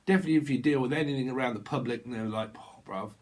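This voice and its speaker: Giving an easygoing tarot reading, a man with a medium-pitched, darkish voice rambles via playful word associations and mimics customers with quick, silly voices.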